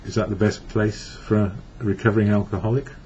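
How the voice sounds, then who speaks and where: A man's voice: fairly low pitch, flat delivery, a little fast, darkish tone. A man from England giving a reflective personal monologue about recovery, rambling and correcting himself as he goes. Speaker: recovery blogger. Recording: dull lo-fi with faint hiss.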